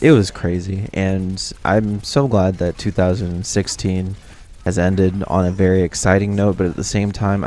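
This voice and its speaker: A young man with a low, gravelly voice tells a funny holiday story to his viewers. His delivery is animated and full of exaggerated reactions, like a relaxed storytime vlog. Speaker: video creator.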